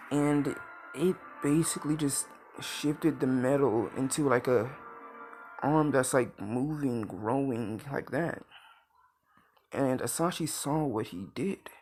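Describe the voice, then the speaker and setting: A young man narrating a fan story in a casual, rambling way, with lots of filler words and self-corrections. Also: mid-range voice.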